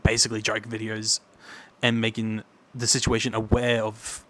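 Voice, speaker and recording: A man's voice: lowish voice, completely flat delivery, moderate pace, fairly bright tone. A man co-hosting a podcast in casual chat, laid-back with short affirmations. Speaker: podcast co-host.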